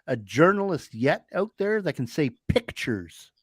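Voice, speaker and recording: A man's voice: fairly high pitch, big pitch swings, unhurried, slightly rough, dry recording. A man with a Canadian accent hosting a casual live stream from his laptop, rambling and laughing at himself. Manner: rambling, self-deprecating, laughs often. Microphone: laptop mic.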